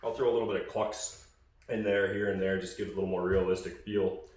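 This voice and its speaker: A man's voice: deep voice, flat delivery, fast, a little mellow, heavy reverb, far from the mic. A man casually explaining goose calling in a hunting call tutorial, rambling with fillers and restarts.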